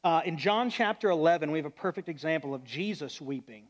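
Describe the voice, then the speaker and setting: A man with a high, light voice preaches a sermon in an earnest, conversational way. He often softens to a hushed, gentle tone, and he talks plainly, as if chatting with his congregation. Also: expressive, quick pace. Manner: earnest, conversational, drops to quiet on sad moments. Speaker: pastor.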